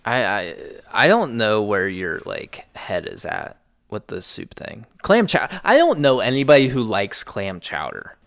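A man's voice: fairly low pitch, sing-song, a little slow, fairly bright tone, dry recording, clean studio sound. A young man in casual chat, joking and mock-grumpy, swearing casually.

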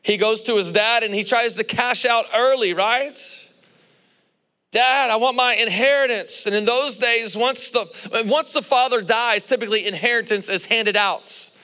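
A young adult man preaching a sermon, telling a personal story with animated delivery, acting out quotes and laughing between lines. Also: sits high, normal speed, few pauses. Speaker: pastor. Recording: reverberant hall.

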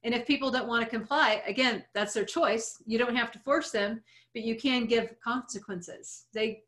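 A woman coach giving advice on a podcast, calm and explanatory, building her points around simple analogies. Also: a little high, moderate pace. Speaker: coach answering listener questions.

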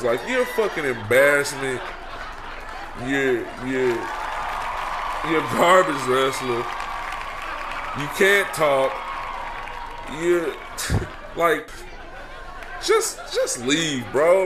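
A man's voice: a little high, expressive, a little slow, a crowd in the background, background noise. A man delivering a cocky, mocking wrestling rant full of swearing. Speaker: podcast segment ranter.

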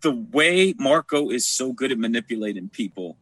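Husky, blunt man on a podcast. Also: medium pitch, animated, moderate pace, a bit bright, dry recording. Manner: opinionated, blunt. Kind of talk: casual chat about a TV show.

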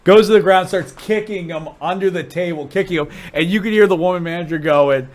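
A comedian from Ohio talks shop on a podcast in a somewhat high male voice. He restarts sentences, curses freely, and launches into animated stories, jumping up in pitch and volume as he acts out the people in them. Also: a little fast. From Dublin, Ohio, USA. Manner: animated storyteller, voice jumps high and loud when acting out people; swearing, restarts. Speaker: comedian guest. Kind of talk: casual podcast chat.

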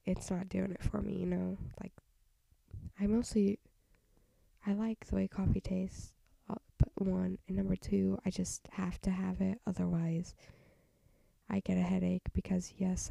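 Gravelly stuffy-nosed young woman rambling. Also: medium pitch, dark tone, dry recording. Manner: rambling, half-whispered asides. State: stuffy nose. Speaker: podcast host. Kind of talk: casual solo podcast chat. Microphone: home podcast mic.

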